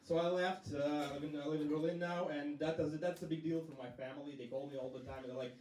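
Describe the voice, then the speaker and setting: Comedian on a roomy club stage. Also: male voice, a little high, background noise. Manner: deadpan storytelling with quick acted quotes. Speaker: stand-up comedian. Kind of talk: stand-up comedy set. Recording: roomy club sound from a distance.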